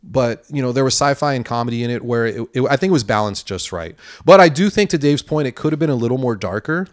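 A man's voice: mid-range voice, lively intonation, fast, dry recording, studio quality. A man co-hosting a podcast, giving a casual movie review in a rambling way, full of fillers and hedges. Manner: rambling, hedging with many fillers. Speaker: podcast co-host.

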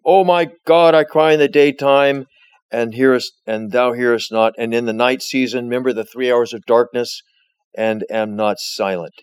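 A man delivers a sermon at a deliberate, unhurried pace, his mid-range voice swelling with emphasis on key phrases. The sound is dry and close, with little room around it. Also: medium pitch, dry recording. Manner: slow, emphatic preaching with rising bursts. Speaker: pastor.

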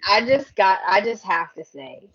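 A woman's voice: medium pitch, sing-song, moderate pace, fairly bright tone, breathy edge, lo-fi sound. A woman co-hosting a podcast, chatting casually, laughing often and quoting characters. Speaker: podcast co-host. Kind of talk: casual recap chat.

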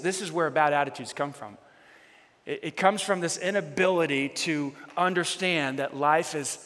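A man preaching a sermon as pastor, swinging between loud emphatic bursts and quiet storytelling. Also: a little high. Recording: long hall reverb.

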